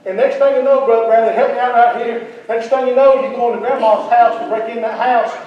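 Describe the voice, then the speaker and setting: Brief: high-pitched male preacher, fiery folksy sermon, heard from far off in a big echoing hall. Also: fairly even intonation, fast talker. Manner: shouting and drawling in turns, folksy. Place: church sanctuary with congregation. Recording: distant echoey hall, dull sound. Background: congregation responses.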